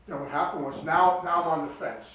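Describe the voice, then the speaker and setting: A man's voice: on the high side, fast talker, muffled recording. Blunt man telling a story. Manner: blunt, emphatic, acts out quoted speech. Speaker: podcast guest. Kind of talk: conversational storytelling. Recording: echoey room, distant mic, faint noise.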